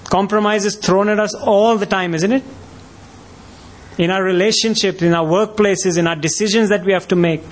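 A man's voice: high-pitched, fairly even intonation, moderate pace. A man preaching a sermon as a pastor, emphatic and full of rhetorical questions.

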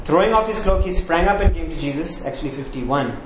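A man's voice: on the high side, expressive, brisk. Man preaching in an echoey room. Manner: rhetorical questions and emphatic repetition. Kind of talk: sermon. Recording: echoey room, faint background noise.

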